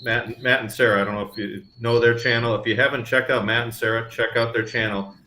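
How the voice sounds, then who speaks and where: A man's voice: medium pitch, steady tone, quick pace, pushed and bright, reverberant. A man co-hosting a farm livestream, talking in an easygoing, rambling, self-deprecating way. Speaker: livestream co-host. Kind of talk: casual chat.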